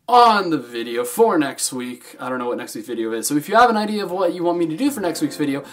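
A young man hosting his own vlog, talking casually and jokingly, swinging between loud bursts and quieter asides. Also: mid-range voice, fast. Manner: animated, jokey, swings between loud and soft. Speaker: vlogger host.

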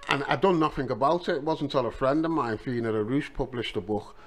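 A man's voice: mid-range voice, fast talker. A middle-aged man with a Liverpool accent, an author and taxi driver, chatting casually on a podcast and telling his story at an easy pace with lots of "you know" asides.

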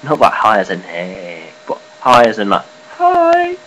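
A man giving a casual, rambling vlog update, swearing offhandedly and filling pauses. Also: on the low side, bright, forceful tone, slight background noise, rough recording. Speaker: gaming and news vlogger.

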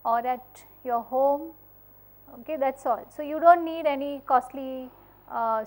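A woman with a high-pitched voice gives practical tips in an informal spoken lesson. She speaks in a friendly, instructive way, pausing on small fillers and often asking "okay?" to check in with her listeners. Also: darkish tone. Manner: uses fillers and restarts.

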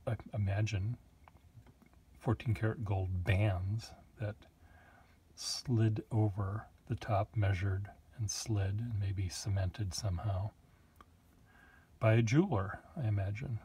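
A man's voice: on the low side, steady tone, slow pace, dark tone, slightly rough. A man casually showing his collection of old pens, rambling with joking asides. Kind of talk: casual show-and-tell.

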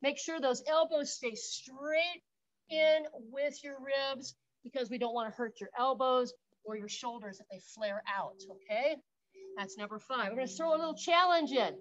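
A woman's voice: high-pitched, moderate pace, dull audio. A woman park guide leading an outdoor workout, upbeat, counting reps aloud and cheering, a little out of breath. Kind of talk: instructional exercise demonstration.

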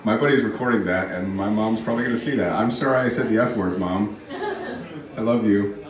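A man's voice: on the low side, fairly quick. A man doing a stand-up set in a comedy club, rambling, self-mocking and bantering with the audience. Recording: roomy club, mic from far off.

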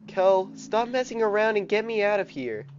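The player doing a squeaky whiny girl. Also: animated, moderate pace, lo-fi sound, slight background noise, close to an everyday voice. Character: whiny bickering young girl.

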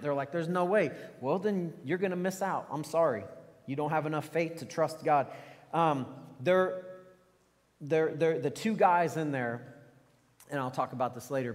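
A man with an American accent preaching a sermon, animated and full of rhetorical questions. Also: on the high side. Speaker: pastor. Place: large church sanctuary. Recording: long church hall reverb.

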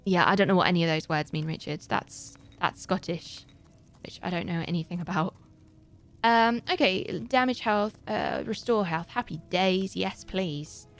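A woman's voice: fairly low pitch, moderate pace, soft background music. A woman livestreaming a video game, rambling in a playful, self-mocking way to her chat. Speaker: livestreaming gamer. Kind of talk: casual gaming commentary.

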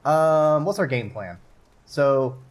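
A man livestreaming a game, chatting casually and reacting loudly, swearing when things go wrong. His voice leaps up and down in pitch, and his talk stays slow and unhurried between the outbursts. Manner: excitable, swears and yelps at the game. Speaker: streamer. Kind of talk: casual gameplay commentary.

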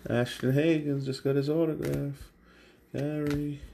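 Gravelly slow-talking man. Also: a little high, flat delivery, dark tone, slight background noise. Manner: slow, calling out card names one by one. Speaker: card break host. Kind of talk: live card-break commentary. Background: crinkling and tearing of packs.

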